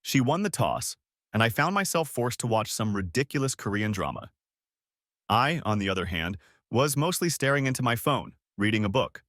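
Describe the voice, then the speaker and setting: Guy narrating a dramatic revenge story, lively up and down delivery, super dry close mic. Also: mid-range voice, moderate pace, no echo. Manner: dramatic storytelling, acting out heated lines. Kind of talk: scripted first-person story narration.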